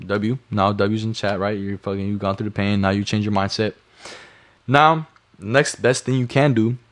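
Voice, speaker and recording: A young man livestreaming a motivational talk, blunt and profane, hammering his points with repetition. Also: on the low side.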